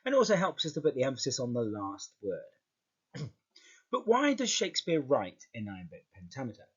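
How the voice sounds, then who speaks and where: A man's voice: mid-range voice, huge pitch swings, moderate pace, breathy edge. A man teaching English in an explanatory video lesson, often checking in with "okay" as he talks the class through. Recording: muffled lo-fi recording.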